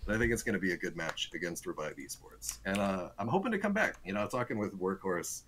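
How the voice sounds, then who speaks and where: A man's voice: sits low, very animated, quick pace, fairly bright tone, slight background noise. A young man, a guest pro player, explaining eagerly in a casual podcast chat and chuckling often.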